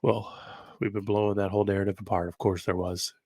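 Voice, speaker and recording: A man's voice: on the low side, little pitch movement, quick pace, vocal fry, darkish tone, no echo. A man with a nasal, congested voice, hosting a video and mixing casual commentary with reading aloud. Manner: conversational, musing asides between read passages. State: congested from allergies. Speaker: host of a history-mystery channel.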